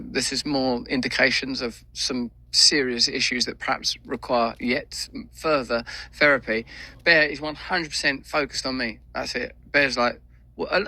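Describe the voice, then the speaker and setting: Bright-voiced, musing man. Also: mid-range voice, dry recording. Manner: rambling, musing and philosophical. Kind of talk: reflective monologue.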